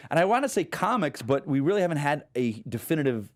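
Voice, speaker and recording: Animated man chatting about a film. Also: on the high side, fast. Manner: animated, excitable, talks over co-host. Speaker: co-host of a movie news show. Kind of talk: casual film review chat.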